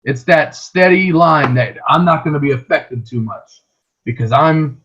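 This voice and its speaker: A man's voice: fairly high pitch, unhurried, a bit bright, breathy edge, highs cut off. A man teaching a trading lesson over a shared screen, explaining patiently and often checking in with "right?".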